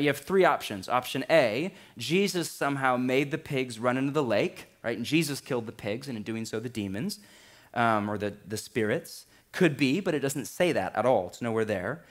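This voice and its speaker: A man in his thirties preaching a sermon in a church, animated and lively, with humor. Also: mid-range voice, moderate pace. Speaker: pastor. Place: church sanctuary.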